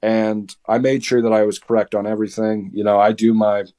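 A young man in his late teens, a podcast guest, tells a story casually in a heated, animated way, restarting his words often. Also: lowish voice, fairly quick.

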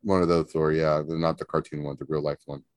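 A man telling a story on a podcast, animated and profane, often laughing. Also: a bass voice, fast talker, no echo, clean studio sound. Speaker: podcast co-host. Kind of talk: casual storytelling.

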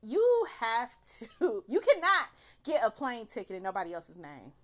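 A woman recounts a personal story in a loose, chatty way. Her voice sits a little high, and she keeps it animated, laughing often and playing out the quoted lines of the people in the story. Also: moderate pace.

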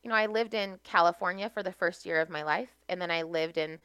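A young American woman, a guest on a casual podcast, chats about stories from her life and laughs often. Her voice is lowish, bright and smooth, with a brisk, forceful delivery and no echo.

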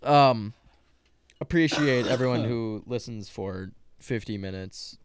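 A man's voice: medium pitch, slow, clear, resonant tone, dry recording. A teenage man co-hosting a podcast, rambling and giggling as he acts out silly bits in casual chat. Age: late teens. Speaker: podcast co-host.

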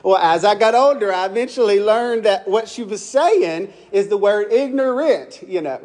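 A man's voice: high voice, expressive, normal speed, a little mellow. A young man with a Southern accent from Mississippi, preaching a folksy storytelling sermon and asking the congregation questions.

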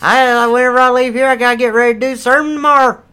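Casual: guy playing a cussing hick preacher, loud and rambly, twangy and bright. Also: extremely high pitch, steady tone, quick pace, smooth. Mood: preachy ranting. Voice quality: brash, profane, rambling. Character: crude loud Southern redneck churchgoing man. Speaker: comedic character. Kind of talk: improvised comedy role-play.

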